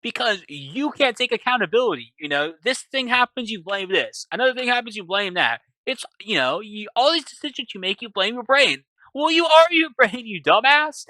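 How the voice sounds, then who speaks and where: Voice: medium pitch, big pitch swings, sharp tone, no room sound, voice pushed up. A reviewer voicing a furious trapped woman doctor who scolds hard and curses while retelling a film scene. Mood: angry scolding. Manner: heated, cursing, rapid blame.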